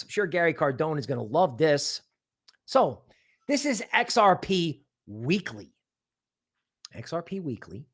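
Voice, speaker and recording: A man hosting a casual crypto market stream, talking in an animated, rambling way full of asides. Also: high-pitched. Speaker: crypto market show host.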